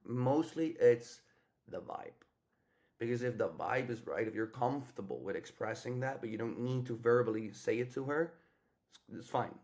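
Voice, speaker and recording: A man's voice: mid-range voice, moderate pace, darkish tone. Blunt, swearing male dating coach. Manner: blunt, profane, acts out example lines. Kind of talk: casual coaching monologue.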